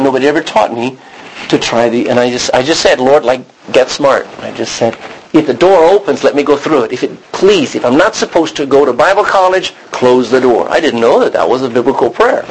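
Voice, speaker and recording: A man's voice: mid-range voice, a little fast, slight background noise, rough recording. A man preaching a sermon, telling a personal story in a rambling way, often restarting and acting out what he said. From Texas. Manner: rambling storytelling, frequent restarts and self-quotes.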